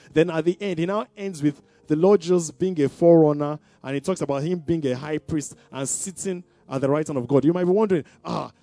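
With a dark tone in a rather high voice, a pastor delivers a sermon, asking the congregation questions and mounting toward emphatic declarations in call-and-response manner. The sound is dry and echo-free, with faint background music.

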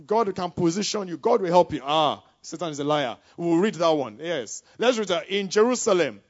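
A man preaching to students in a slightly high voice, caught on a dull, lo-fi recording. He keeps checking in with his listeners in a call-and-response style, and his volume swings from hushed asides to loud exclamations. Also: lively intonation, normal speed. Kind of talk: sermon to students.

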